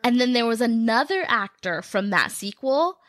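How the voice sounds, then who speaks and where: A woman's voice: a little high, expressive, moderate pace, a bit bright. A woman podcast co-host, telling spooky movie stories in casual chat with many fillers.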